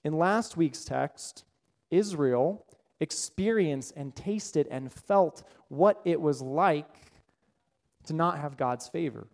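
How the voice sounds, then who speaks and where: A man's voice: a little high, lively intonation, slow pace, vocal fry. A man preaching a sermon, building his points through repetition and rhetorical questions. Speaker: pastor.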